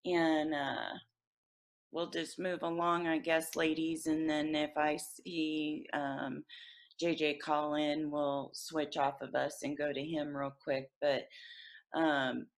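A woman's voice: low-pitched, little pitch movement, slow pace. A woman hosting a talk show, easygoing, with lots of fillers. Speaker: host.

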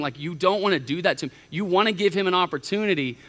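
A middle-aged man, a college pastor preaching a sermon in an animated way, often acting out the voices of the people he quotes. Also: sits high, racing, hardly any pauses. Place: church auditorium. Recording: reverberant church hall.

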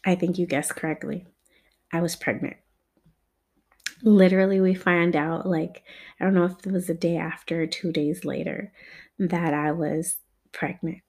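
A woman telling a personal story in a candid, halting and blunt way, swearing freely. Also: on the low side, fairly even intonation, a little mellow, husky.

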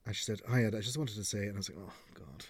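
A man's voice: on the low side, very fast, breathy edge. A middle-aged Irish man, a radio presenter telling stories in a frank, chatty way and swearing freely. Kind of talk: podcast conversation, storytelling.

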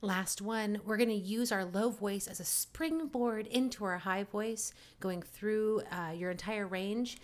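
Calm woman voice teacher. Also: medium pitch, a little slow, few pauses. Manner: calm, encouraging instruction with cues to body awareness. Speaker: voice teacher and podcast host. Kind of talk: guided vocal warm-up lesson.

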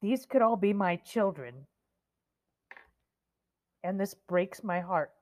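A woman in her fifties hosting her own podcast, speaking emotionally and deliberately as she reads out names and talks to her listeners. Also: mid-range voice, a little mellow. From United States. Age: 50s. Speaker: podcast host. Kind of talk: solo podcast monologue.

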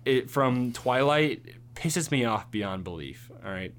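A young man co-hosting a casual movie review chat, relaxed and agreeable, often saying "yeah.". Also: mid-range voice, a little slow, clear, resonant tone.

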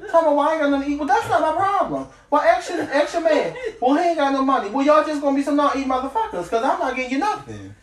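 A woman telling a story in casual chat, profane and animated, trading mock insults about an ex. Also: sits high, fast, hardly any pauses, echoey room.

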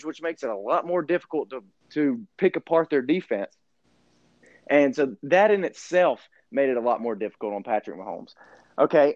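A young man co-hosting a sports podcast, debating a game with incredulous, animated energy. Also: on the high side, dry recording. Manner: excitable, incredulous, rising to near-shouts when riled. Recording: dull lo-fi sound.

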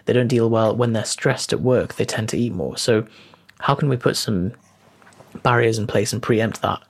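Gravelly, husky man. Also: on the low side. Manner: measured, explanatory. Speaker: podcast co-host, fitness business coach. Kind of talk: casual chat.

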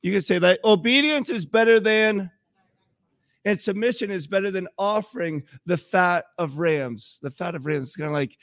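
A man's voice: high-pitched, steady tone, a little fast, few pauses, no echo, clean studio sound. A man preaching a sermon in a conversational way, often acting out quoted voices. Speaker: pastor.

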